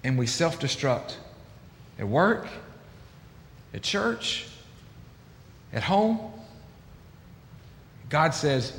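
A middle-aged pastor with a high voice preaches emphatically, jumping into acted-out quotes. His voice rings through a large church hall with long reverb. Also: expressive, slow, long pauses, fairly bright tone. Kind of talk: sermon.

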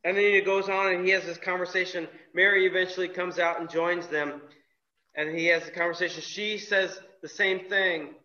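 A man's voice: high-pitched, fairly even intonation, moderate pace, sharp tone. A man preaching a sermon as a pastor, talking in a loose, conversational way with frequent restarts and fillers. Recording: echoey room, dull lo-fi sound.

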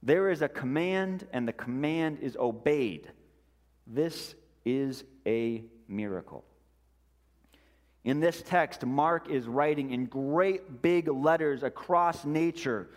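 Pastor guy preaching, slow and deliberate, goes soft on the big words, long echoey hall. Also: mid-range voice, animated. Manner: slow, deliberate, dropping softly on key words. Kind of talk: sermon.

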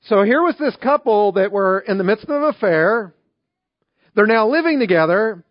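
A male pastor with a somewhat high voice preaches in a chatty, storytelling way that turns animated in anecdotes. The recording is dry and a bit dull. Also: normal speed, no room sound. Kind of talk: sermon.

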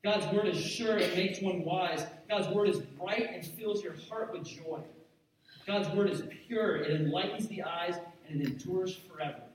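Pastor, male, earnest preacher with a slightly high voice, captured from a distance in a very echoey church. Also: moderate pace, a little hiss or hum. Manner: earnest preaching, building to emphatic repetition. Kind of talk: sermon. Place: church sanctuary. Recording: very echoey hall, mic at a distance.

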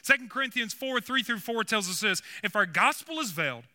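A man's voice: sits high, expressive, brisk, pushed and bright. A man preaching a sermon as pastor, earnest and building to emphatic points.

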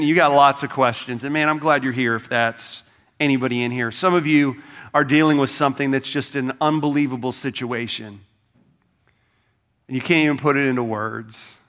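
A man's voice: mid-range voice, fairly bright tone. A pastor preaching an Easter sermon to his congregation in a conversational, emphatic way, speaking straight to them. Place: church service.

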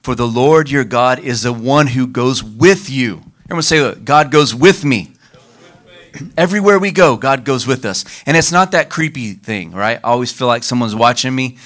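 A man preaching a sermon as pastor, leading the congregation in call-and-response and slowing down for emphasis. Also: medium pitch, a bit bright. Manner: leads the congregation in call-and-response, varies his pace for emphasis.

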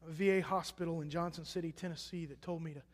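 A young man preaching a personal testimony, swinging between loud emphatic bursts and hushed quiet lines. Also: on the high side, fairly even intonation, fast. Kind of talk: sermon testimony. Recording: echoey hall reverb.

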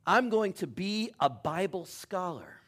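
A man's voice: sits high, expressive, a little slow, fairly bright tone, husky, pitched above the performer's own voice, heavily acted. An earnest, naive young would-be scholar answers in a raised, confident voice, as a man puts him on in a joke. He sounds simple and sure of himself.

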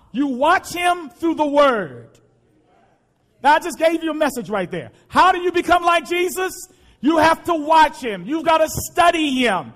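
A male pastor with a very high voice preaches an impassioned, repetitive sermon, frequently shouting to his congregation.

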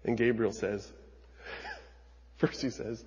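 Husky pastor preaching in a reverberant hall. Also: male voice, mid-range voice, normal speed, muffled recording. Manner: dramatic retelling, swings from hushed to emphatic. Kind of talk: sermon.

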